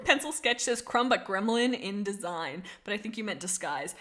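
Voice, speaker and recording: A woman's voice: medium pitch, lively intonation, moderate pace, sharp tone. A young woman streaming casually, bubbly and giggly, rambling as she reads out viewer comments. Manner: bubbly, giggly and rambling, with many restarts and laughs. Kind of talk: casual livestream chat, reading out viewer comments.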